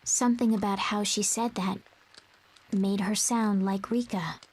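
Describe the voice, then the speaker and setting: A breathy, whispering lonely girl. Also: medium pitch, steady tone, poor audio. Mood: hushed, somber. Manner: slow, soft and brooding. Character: lonely young girl narrating her past, hushed. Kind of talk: whispered role-play narration for a video game.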